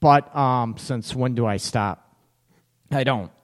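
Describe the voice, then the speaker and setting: A man's voice: mid-range voice, slow pace. A man hosting a live show in casual chat, teasing, laughing often and reacting to chat comments. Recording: echoey room with long reverb.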